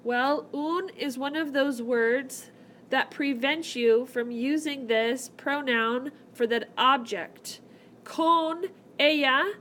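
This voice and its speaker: A woman's voice: high voice, fairly bright tone, a little hiss or hum. A woman teaching a recorded whiteboard lesson, explaining grammar step by step with playful asides. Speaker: Spanish teacher. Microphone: tablet microphone.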